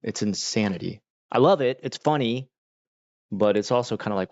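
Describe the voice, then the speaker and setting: Man, casual livestream chat, rambling, lowish voice, dry dull sound. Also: normal speed, no echo. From United States. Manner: rambling, relaxed, many fillers. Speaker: livestream host.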